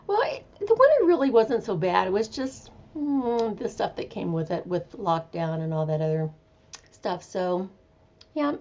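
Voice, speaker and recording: A woman's voice: medium pitch, big pitch swings, a little mellow. A woman hosts a casual live chat from her home, taking her time and drifting from one thought to the next. Her voice swings up and down a lot as she talks. The sound is a little dull and lo-fi. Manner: chatty, meandering, slow and easygoing. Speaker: live stream host.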